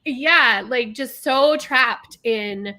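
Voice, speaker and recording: A woman's voice: a little high, a little slow, a bit bright. A woman co-hosting a podcast, talking candidly and with feeling, laughing often. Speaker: podcast co-host. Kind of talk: emotional casual chat.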